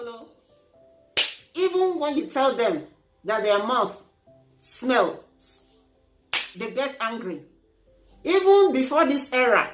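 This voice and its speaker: A Nigerian woman hosts a casual vlog, teasing and lecturing her viewers in turn. She speaks slowly in a fairly high voice. The room echoes, and soft music plays underneath. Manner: playful, teasing, preachy. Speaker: vlogger.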